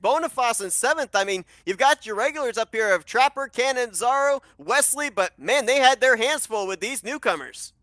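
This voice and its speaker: Race broadcast lead, male, high bright voice, crisp and dry, excitable delivery. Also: no echo. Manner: excitable, breathless play-by-play. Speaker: lead sim racing commentator.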